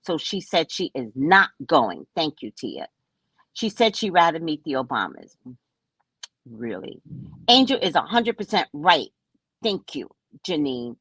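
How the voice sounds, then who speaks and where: Breathy, lively woman chatting on a live stream. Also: low-pitched, unhurried, no echo, poor audio. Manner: chatty, reads and answers comments aloud. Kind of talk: casual live-stream chat with viewers. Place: at home by the kitchen table.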